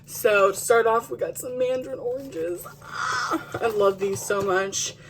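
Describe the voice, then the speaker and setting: A woman's voice: a little high, unhurried, slight background noise. Chatty, candid woman vlogger. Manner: chatty and candid, with filler words and casual swearing. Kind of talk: casual chat to camera.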